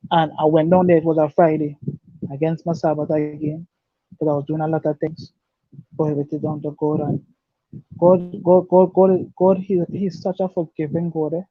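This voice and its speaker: A man giving an earnest, halting personal testimony, repeating and restarting his words. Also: a little high, level tone, dry recording. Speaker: guest telling his life story. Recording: dull dry lo-fi recording.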